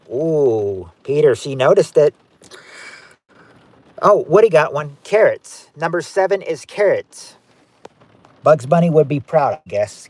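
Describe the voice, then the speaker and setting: A man's voice: fairly high pitch, very animated, takes it slowly, long pauses, darkish tone, no room sound. A man hosting a live-stream game night, chatting as he reads out viewer guesses and rules on each one. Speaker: game show host.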